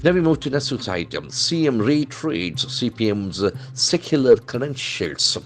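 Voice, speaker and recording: At a normal speed, a medium-pitched man with big pitch swings teaches English vocabulary from the newspaper. The language trainer spells each word letter by letter and explains its pronunciation and meaning methodically.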